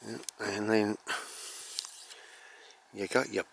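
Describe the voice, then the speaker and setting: A man hosting an archery channel, talking casually and rambling with many ums and self-corrections while reviewing a bow outdoors in bright sun. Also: fairly low pitch, steady tone, slow, creaky, a little hiss or hum. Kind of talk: casual unscripted gear review.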